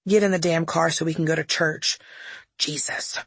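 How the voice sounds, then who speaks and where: Woman doing her mom, fed up and scolding, raspy voice, dry close sound. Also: low-pitched, steady tone, moderate pace, dry recording, exaggerated voice. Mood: exasperated. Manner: sharp, scolding. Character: fed-up, commanding mother of grown daughters.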